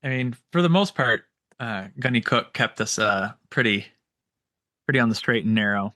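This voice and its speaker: Man host, 40s, bright forceful voice, halting questions, dry close mic. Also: mid-range voice, no echo. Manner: halting, searching for words. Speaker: podcast host, veteran. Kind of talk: casual interview.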